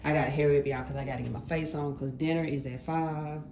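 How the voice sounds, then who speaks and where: A woman's voice: deep voice, fairly even intonation, fast talker, highs cut off, noisy background. A woman in her late twenties chatting casually and straight to her viewers, with loose folksy slang. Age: late 20s. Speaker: vlogger.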